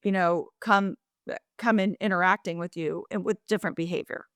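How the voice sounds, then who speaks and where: A woman's voice: lowish voice, brisk, dry recording, studio quality. A woman co-hosting a podcast in casual chat, talking at length with restarts and acting out quoted phrases. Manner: animated, acts out quoted phrases in shifting voices; talkative, frequent restarts and asides. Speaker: podcast co-host.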